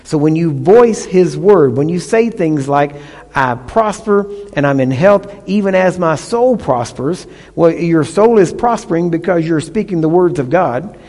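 A man's voice: on the high side, animated, unhurried, darkish tone, long reverb tail. A male pastor preaching a sermon, teaching emphatically and often checking in with the congregation.

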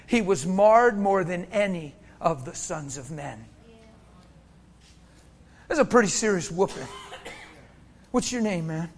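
A man from Pennsylvania preaches a sermon in a high voice. He swings between shouting and hushed near-whispers. He laughs often along the way. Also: expressive, slow pace, long pauses.

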